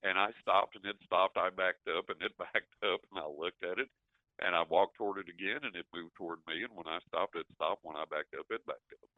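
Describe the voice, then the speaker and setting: An older man, telling an animated story as an interview guest and acting out his own reactions. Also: low-pitched, brisk, no room sound. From West Texas. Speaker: guest, psychic. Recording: dry, tinny phone line.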